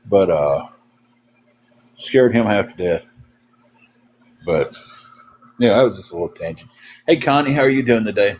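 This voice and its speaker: Low-voiced folksy man. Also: lively intonation, measured pace, pauses often, husky, poor audio. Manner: rambling, folksy, many fillers and restarts. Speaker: livestream host. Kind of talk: casual storytelling to live chat.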